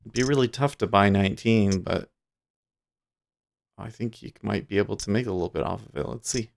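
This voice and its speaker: A man with a low, gravelly voice hosts a day trading livestream from his trading desk. He thinks out loud in a relaxed, drowsy way, rambling between market remarks. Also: a little fast. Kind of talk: casual live market commentary. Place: home trading desk with large screens.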